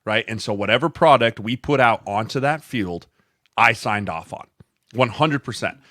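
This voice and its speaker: A man's voice: medium pitch, animated, moderate pace, sharp tone, no echo, studio quality. A man co-hosting a podcast in casual chat, explaining his view earnestly with quoted examples, with an American accent. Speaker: podcast co-host, former NFL offensive lineman.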